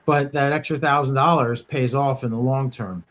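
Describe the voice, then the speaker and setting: American guy chatting on a coin podcast, lots of ums and restarts, average pitch. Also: fairly even intonation, normal speed, a bit bright. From United States. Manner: rambling, many fillers and restarts. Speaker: coin dealer podcast host. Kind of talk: casual shop talk podcast.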